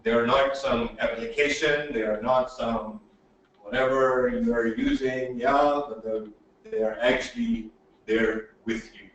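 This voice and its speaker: A man teaching presentation skills in a webinar, animated and emphatic, checking in with "okay?" often. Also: medium pitch, unhurried, lo-fi sound. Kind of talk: webinar lecture. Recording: very echoey room audio from a distance, faint noise.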